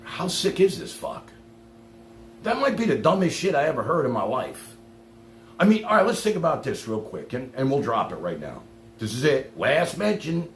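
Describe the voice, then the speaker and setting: Man, streamer ranting to chat, lively pitch, echoey room with faint hum. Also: a little fast. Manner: fired-up, profane, swings loud then drops low. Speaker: live streamer. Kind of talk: ranting live stream monologue.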